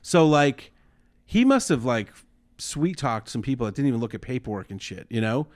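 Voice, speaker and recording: A man co-hosting a casual podcast chat, retelling a story with animated acted-out quotes and frequent swearing. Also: medium pitch, normal speed. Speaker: podcast co-host.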